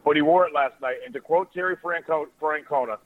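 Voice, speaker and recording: A man in his forties from Ohio, a radio host telling a rambling story in a casual way. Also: on the high side. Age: 40s. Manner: rapid, rambling anecdotes with quoted asides. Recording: tinny phone-like radio sound.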